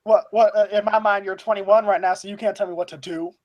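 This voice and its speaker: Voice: mid-range voice, steady tone, fast, darkish tone, lo-fi sound. Cheeky guest teasing in chat. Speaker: podcast guest. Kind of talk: casual group chat.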